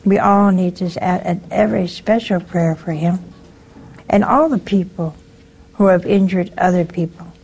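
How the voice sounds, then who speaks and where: A woman's voice: on the low side, normal speed, a little mellow, slightly rough. A woman, a nun, hosting a call-in show, talking casually and telling folksy stories about forgiveness. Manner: folksy storyteller, acts out voices in anecdotes. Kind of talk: casual spiritual talk to callers.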